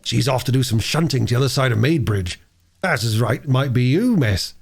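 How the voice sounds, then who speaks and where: A man's voice: medium pitch, lively intonation, a little fast, vocal fry, slightly rough. A man reading aloud voices a chatty, friendly railway porter with folksy dialect.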